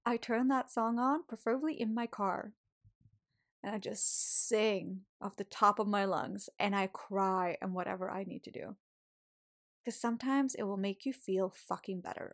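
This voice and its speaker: Swearing, upbeat woman podcaster. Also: medium pitch. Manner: swears often, laughs, animated and encouraging. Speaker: podcast host. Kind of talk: casual motivational monologue.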